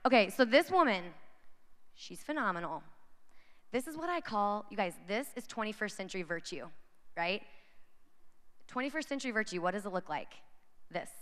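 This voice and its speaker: A woman's voice: mid-range voice, very animated, normal speed, long pauses. A woman giving an inspirational talk to young women at a conference, chatty and constantly checking in with the crowd. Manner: chatty, addresses the crowd directly with frequent "right?". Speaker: conference speaker. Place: large conference hall. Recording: long hall reverb from a large venue.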